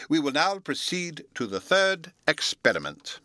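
A fussy, absent-minded old professor lectures in a slow, high, pompous storybook voice, as a man reads him. The tone is bright and it swings up and down a lot. The sound is dry and close, with no room around it. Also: sing-song, dry recording, heavily acted. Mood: pompous lecturing. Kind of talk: storybook reading.

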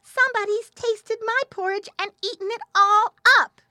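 A woman voicing a tiny young bear cub in a storybook reading, in a high piping voice. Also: fairly even intonation, moderate pace, sharp tone, no echo, clean studio sound, exaggerated voice. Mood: upset.

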